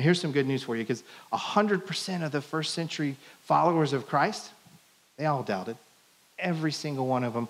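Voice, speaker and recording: Lively storytelling male pastor. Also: on the high side. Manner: lively storytelling, acts out voices and jokes. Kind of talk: sermon. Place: church.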